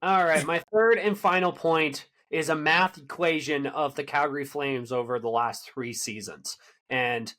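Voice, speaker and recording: A man's voice: on the high side, sharp tone. A man co-hosting a casual sports podcast, jokey and given to exasperated rants. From Canada. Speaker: podcast co-host.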